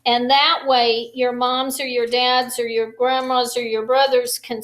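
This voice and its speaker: A woman teacher at home, giving a slow, patient lesson to young children over a phone camera and stretching out each phonics sound. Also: on the high side, little pitch movement, a bit bright, low-quality recording.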